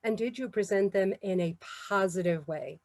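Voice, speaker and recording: A woman with a New York accent giving a measured, encouraging talk on public speaking. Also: mid-range voice, no echo. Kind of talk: instructional talk.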